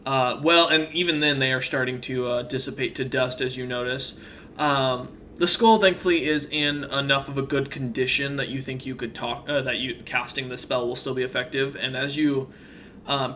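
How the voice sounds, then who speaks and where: A man's voice: mid-range voice, bright, forceful tone, slight background noise. A man narrating a tabletop role-playing game as the game master, rambling through scenes with many restarts.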